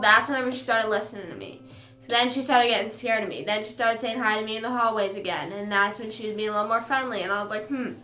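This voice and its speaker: A young woman chatting on her live stream, telling a story in a high, bright voice and slipping into the voices of the people in it. She fills her talk with "like". The room sounds echoey, with faint music underneath. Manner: chatty, lots of "like", acts out quoted people. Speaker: livestream host. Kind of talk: casual storytelling chat.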